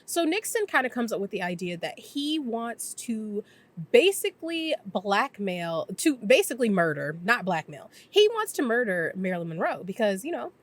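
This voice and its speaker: A woman's voice: on the high side, big pitch swings. A woman casually recapping a TV episode for her channel, talking freely with lots of filler words. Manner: chatty, filler-heavy, slips into quick impressions. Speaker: YouTube TV reviewer.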